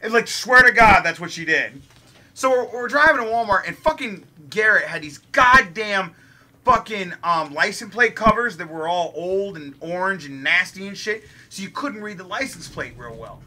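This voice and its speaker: A young man from Ohio telling a wild story while playing a game, swearing constantly and animated. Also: high voice, moderate pace. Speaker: let's play co-host. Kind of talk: profane storytelling during a game.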